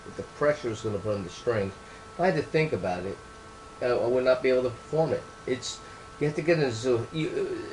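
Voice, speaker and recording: A man's voice: fairly low pitch, a little hiss or hum, rough recording. Rambling man talking about his book. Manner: rambling, repeats words for emphasis. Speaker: author explaining his book. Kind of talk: casual monologue to camera.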